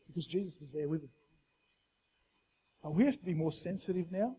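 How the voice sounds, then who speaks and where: A middle-aged Australian man preaching with an animated, storytelling delivery. His voice sits high for a man, and he often restarts his sentences. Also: brisk, pauses often, slightly rough. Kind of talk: sermon with personal story.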